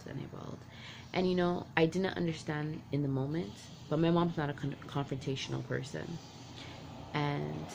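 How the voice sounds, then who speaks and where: A woman's voice: deep voice, gravelly, noisy background. A woman vlogger telling a personal story from her childhood, candid and rambling, full of "like" and restarts. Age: adult parent.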